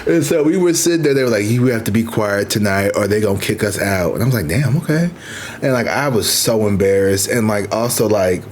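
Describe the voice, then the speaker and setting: A man in his thirties telling a story in a casual, profane, animated way, as a vlogger. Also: lowish voice, fast talker, a little hiss or hum. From Missouri, USA. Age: 30s.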